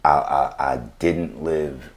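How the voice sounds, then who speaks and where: This New York guest has a very deep, steady voice and takes his time telling his story in a casual interview. His speech is relaxed street slang, and he keeps tossing in "right?" to check in.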